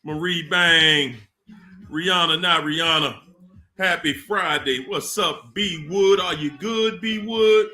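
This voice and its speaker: Unhurried man greeting his livestream chat. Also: fairly high pitch. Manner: slow, drawn-out shout-outs with laughs. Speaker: livestream host.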